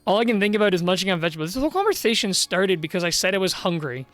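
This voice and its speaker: A rambling, easy-laughing man chatting through a live-streamed game in a somewhat high voice. His voice sounds tired and worn from long streams. Faint game music sits in the background. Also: sing-song, rapid-fire, fairly bright tone, no room sound. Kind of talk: casual live-stream commentary while gaming.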